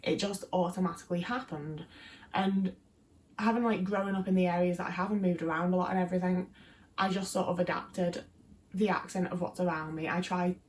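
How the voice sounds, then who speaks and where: A woman's voice: lowish voice, fairly even intonation, brisk, darkish tone, a little hiss or hum. A young English woman with a Midlands accent, chatting casually to camera in a rambling way with lots of fillers. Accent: English, Midlands mixed with Liverpool. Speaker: YouTuber.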